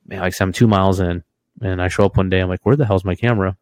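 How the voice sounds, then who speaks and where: Guy in his 30s, lowish voice, cussing and cracking up through a podcast story, dry close sound. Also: fast talker, no room sound. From Washington state, US. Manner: animated storyteller, swears freely, laughs through his stories. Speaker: podcast co-host. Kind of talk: casual storytelling chat.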